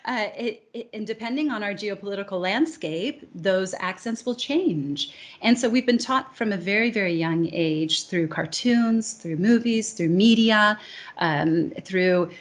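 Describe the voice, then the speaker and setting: An American woman speaks as a guest in an interview, a speech coach who argues her case earnestly. She drives her points home by listing them one after another, in a voice of middling pitch. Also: unhurried. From United States. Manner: emphatic, earnest, building points in lists. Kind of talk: conversational interview.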